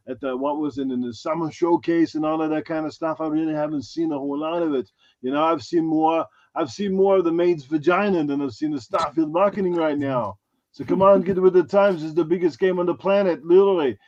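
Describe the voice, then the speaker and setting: This is a swaggering, crude action-film star, as a male host puts him on with a thick mock accent. The voice sits a bit high and bragging. The audio is muffled and lo-fi like a home stream. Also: a little mellow, natural voice. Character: a gruff action-film star, impression of a famous bodybuilder-actor.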